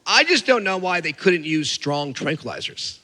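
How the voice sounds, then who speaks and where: A man doing stand-up comedy on stage, telling stories in an animated, incredulous way. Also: high voice, normal speed, big-room sound.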